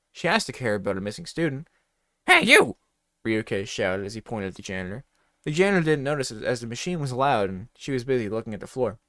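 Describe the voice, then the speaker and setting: A man's voice: mid-range voice, dry recording, studio quality. A man reading a comedy story aloud in a mock-dramatic voice, breaking off for swearing asides.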